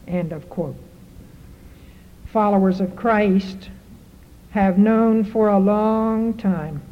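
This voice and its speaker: A woman preaching a sermon, driving her points home with repeated rhetorical questions. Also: mid-range voice. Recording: muffled hall recording with reverb.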